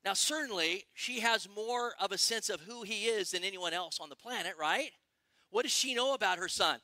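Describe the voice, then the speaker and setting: A middle-aged male pastor preaching a sermon, excitable and animated, firing questions at the congregation. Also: sits high, no echo. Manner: excitable, quick bursts, asks the congregation questions.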